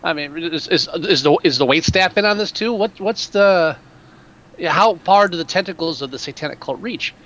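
A man co-hosting a podcast, chatting casually about a film in an animated, rambling way with many restarts. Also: a little high, normal speed, dull audio. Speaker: podcast co-host.

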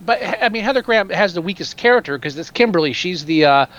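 A man's voice: high-pitched, expressive, fast, a bit bright, highs cut off. A man talking casually about a film, rambling with many restarts and some swearing. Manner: rambling, frequent restarts, profane. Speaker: podcast co-host.

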